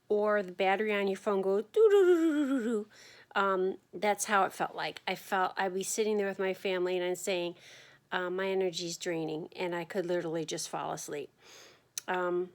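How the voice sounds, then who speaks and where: A woman records a personal video diary at home, speaking straight to the camera. She sounds fatigued, talking slowly with many ums and the occasional yawn, at an everyday medium pitch. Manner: frequent ums, yawning, tired and unhurried. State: fatigued from chemotherapy. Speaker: vlogger sharing her chemotherapy journey.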